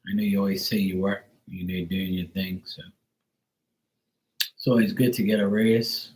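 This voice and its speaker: A man's voice: low voice, moderate pace, low-quality recording. A middle-aged man hosting a livestream, chatting casually and greeting viewers by name. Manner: relaxed, chatty, reads out viewers' names. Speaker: tarot reader on a livestream.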